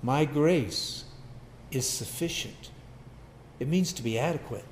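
A man's voice: medium pitch, slow, reverberant, slight background noise. A man preaching a sermon as pastor, emphatic and repeating key phrases.

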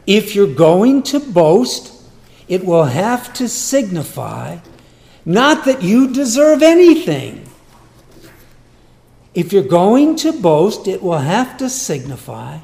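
A male preacher delivering a sermon in a slow, deliberate way. His voice is gravelly, and his pitch leaps around, from loud, emphatic lines down to quiet, low asides. Now and then he slips into quick quoted bits, acting out boastful voices.

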